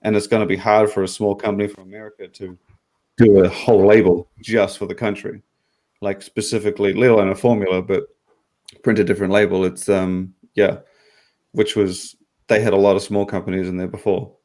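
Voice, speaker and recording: A man on a podcast panel, talking in a rambling, halting way with many fillers. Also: fairly low pitch, level tone, a little mellow. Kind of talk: casual panel podcast talk.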